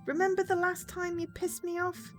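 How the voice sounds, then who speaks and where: A woman voicing a short-tempered sushi restaurant owner in a game, scolding and sharp. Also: very high-pitched, monotone, normal speed, faint music behind, pitched above the performer's own voice.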